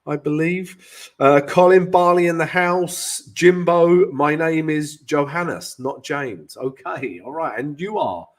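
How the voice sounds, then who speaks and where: A man's voice: on the high side, takes it slowly. A man with a cold hosting a live trading stream, chatty and upbeat, greeting viewers by name and adding self-mocking asides while walking through charts at his desk mic. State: has a cold. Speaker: forex trading host. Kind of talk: livestream trading talk and chart walkthrough.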